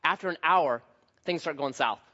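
High-voiced animated man preaching a sermon. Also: moderate pace, lo-fi sound. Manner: animated storyteller, acts out voices and sound effects. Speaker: pastor. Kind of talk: sermon with storytelling.

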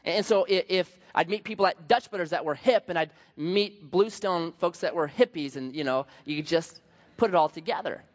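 A man's voice: fairly high pitch, normal speed. A man preaching a sermon in a conversational, jokey way, often restarting his sentences. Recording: dull sound with long hall reverb.

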